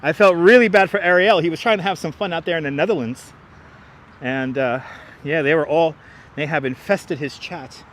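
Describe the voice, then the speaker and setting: A man's voice: fairly high pitch, normal speed, a bit bright, slight background noise. A chatty man hosting a casual live stream and reading out viewer comments as he walks outdoors through city streets, with a clip-on mic. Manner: chatty, reads out viewer comments, laughs often. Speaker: livestream host. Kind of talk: casual live-stream chat while walking. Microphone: wireless clip-on mic.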